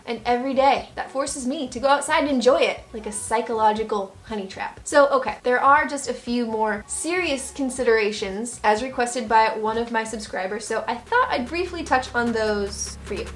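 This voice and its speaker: Sarcastic, playful American woman vlogger. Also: on the high side. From United States. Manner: sarcastic, playful, mock-serious. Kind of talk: comedic vlog monologue.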